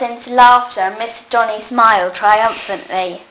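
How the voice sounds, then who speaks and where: A woman's voice: medium pitch, a little slow, a bit bright. Woman reading her own story aloud. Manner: plain reading with small slips and restarts. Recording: echoey room, faint noise.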